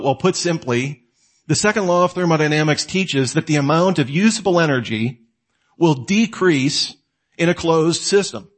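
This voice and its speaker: A man lectures in a relaxed, conversational way. His voice sits a little high for a man. He keeps asking the listener questions and then answers them himself, with lively energy. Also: normal speed. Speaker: apologetics teacher.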